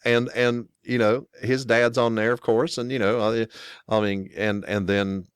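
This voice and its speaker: A man's voice: medium pitch, little pitch movement, a little slow, clean tone, no echo, clean studio sound. An American man co-hosting a casual talk show, rambling with many restarts and fillers. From United States. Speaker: podcast co-host. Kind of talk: casual chat.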